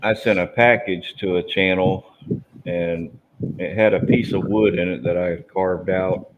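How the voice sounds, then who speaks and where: A man with a very low voice chats casually on a live hobby stream, telling joking prank stories while he carves foam. The sound is a little dull, and a faint hiss sits underneath. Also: steady tone, unhurried. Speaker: hobby channel host. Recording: slightly muffled, faint background hiss.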